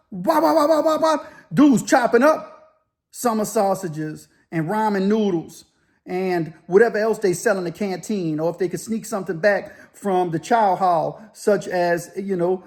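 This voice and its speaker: A man telling a story casually, loosely and with animated sound effects. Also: sits high. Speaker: storyteller, former inmate.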